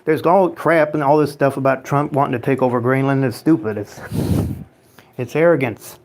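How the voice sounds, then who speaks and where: A man's voice: mid-range voice, moderate pace. A man hosting a livestream, reading out chat comments and giving his loose, sarcastic opinions, with frequent swearing and laughs. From United States. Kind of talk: casual rambling livestream chat.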